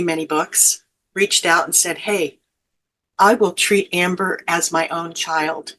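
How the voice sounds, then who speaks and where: A middle-aged woman, a grief educator and life coach, tells a heartfelt personal story as an interview guest, earnest and emotional with soft fillers. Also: lowish voice.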